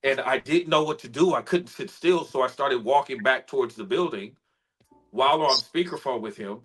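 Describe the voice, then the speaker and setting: A man, a spoken word artist, telling an emotional personal story in an earnest, heartfelt way, sometimes soft-spoken. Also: mid-range voice, normal speed, slightly rough, low-quality recording.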